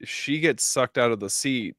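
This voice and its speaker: A podcast guest in casual chat, laid-back and trailing off mid-thought. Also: male voice, medium pitch, unhurried, a bit bright, dry recording, clean studio sound.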